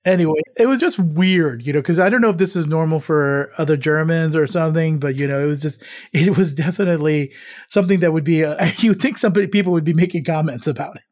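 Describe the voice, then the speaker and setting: Male podcast co-host, casual storyteller, higher-pitched, dry close recording. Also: quick pace, darkish tone, dry recording. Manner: chatty, laughs often, many restarts. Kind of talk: casual travel chat.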